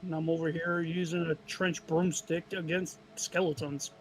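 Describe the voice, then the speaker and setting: A man's voice: fairly high pitch, flat delivery, normal speed, slight background noise. A man playing in a tabletop game, chatting casually with the others in a dry, offhand way. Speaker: player.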